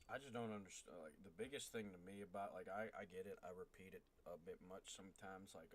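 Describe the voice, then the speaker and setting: A man's voice: sits low, animated, moderate pace. A man streaming a tank game, ranting bluntly and with some profanity as he plays. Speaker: gaming streamer. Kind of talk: gameplay commentary. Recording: game noise loud underneath.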